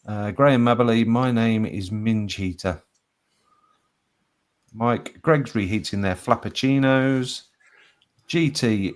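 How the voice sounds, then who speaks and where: A man's voice: lowish voice, measured pace, pauses often. Chuckling man reading captions. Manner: laughs often between readings. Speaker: host. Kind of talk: reading out viewer captions on a live show.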